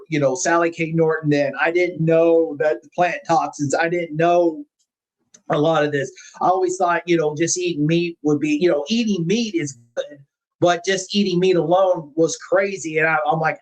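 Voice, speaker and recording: A man with a fairly high voice tells his personal story on a casual livestream. He rambles, restarts and repeats words as he goes, and at times turns emotional. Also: low-quality recording. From Missouri. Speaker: carnivore diet channel host.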